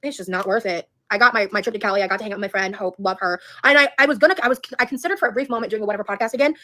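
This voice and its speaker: A woman's voice: medium pitch, racing, sharp tone. A woman chatting casually on her livestream, rambling and frank, swearing freely.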